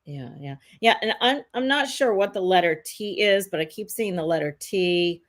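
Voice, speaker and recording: A woman's voice: fairly low pitch, expressive, normal speed. A woman co-hosting a live psychic reading, rambling and hesitant with many fillers. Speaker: psychic co-host.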